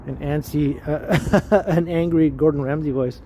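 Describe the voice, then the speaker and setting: Fairly high in pitch yet dark in tone, a man's steady, measured voice carries a casual livestream as he walks the city center. He laughs often while chatting with viewers, and street traffic fills the background.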